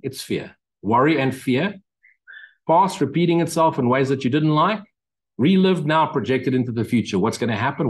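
A man's voice: medium pitch, low-quality recording. Emphatic male spiritual teacher. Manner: emphatic, repetitive, mocking asides. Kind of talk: spiritual talk.

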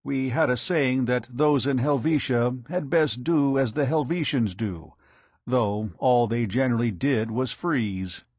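Guy doing a big loud ancient warrior, hearty and booming, slow, dry sound. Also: husky, dry recording. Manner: booming, declaiming. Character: huge boastful ancient warrior, gruff and hearty.

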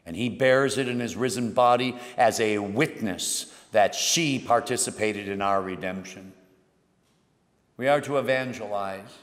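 A man preaching a homily as a priest, telling the story dramatically and moving between hushed and emphatic delivery. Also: fairly low pitch, unhurried. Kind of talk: sermon. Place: church. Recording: long church reverb.

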